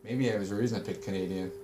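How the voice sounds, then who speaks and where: A man's voice: lowish voice, noisy background. A man working as a psychic medium on a casual livestream, rambling through his reading with lots of fillers and self-corrections. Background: background music.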